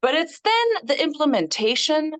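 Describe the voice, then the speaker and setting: A woman guest on a podcast interview, an independent artist telling her story in an animated way with frequent laughter. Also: sits high, moderate pace.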